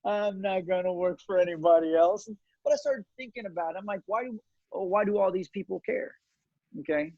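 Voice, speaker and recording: A man's voice: high-pitched, fairly quick, dry recording. A middle-aged man, a guest in a casual interview, telling a personal story earnestly with many fillers and restarts. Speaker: cigar company owner, guest. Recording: dull, dry lo-fi audio.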